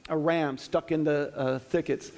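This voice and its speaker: Earnest high-voiced man preaching in a hall. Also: fairly even intonation, measured pace, a little mellow. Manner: earnest, conversational storytelling with frequent restarts. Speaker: Bible teacher. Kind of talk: sermon.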